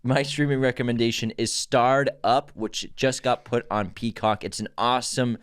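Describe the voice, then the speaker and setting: A young man co-hosting a film podcast, reading dates and picks in a brisk, easygoing way. His voice sits at a plain middle pitch. The sound is close and dry. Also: steady tone, a bit bright, clean tone, no echo. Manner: brisk list reading with easy banter. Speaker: podcast co-host. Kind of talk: casual film podcast chat and segment reading.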